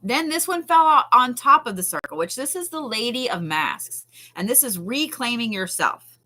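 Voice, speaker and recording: A woman reads tarot cards on a live stream. Her voice is bright and forward, and her delivery is chatty and unfiltered. She drops casual curses and soothing reassurances as she talks. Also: fairly high pitch, big pitch swings, normal speed. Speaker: tarot reader. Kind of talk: live-stream card reading.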